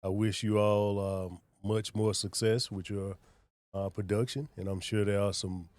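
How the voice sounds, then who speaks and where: A man, a sheriff being interviewed, who speaks in a slow, measured and earnest way. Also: fairly low pitch, level tone, a little mellow, no echo. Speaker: sheriff, guest. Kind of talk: casual interview conversation.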